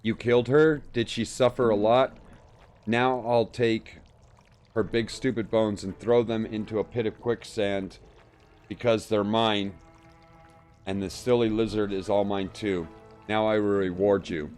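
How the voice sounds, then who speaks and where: A man's voice: fairly low pitch, steady tone, a little slow, darkish tone, smooth, soft background music, lightly acted. A man reading the lines of a vain, whiny female demon queen made of filth, in a petulant way. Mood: gleeful. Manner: petulant, reading game dialogue aloud.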